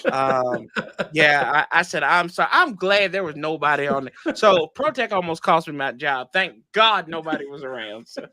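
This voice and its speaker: A man with a bright, fairly high voice, chatting loosely on a sports podcast and rambling through animated stories. The sound is dry and close, with no room around him. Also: moderate pace, no room sound. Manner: rambling storyteller, animated retellings. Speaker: podcast co-host. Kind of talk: casual chat.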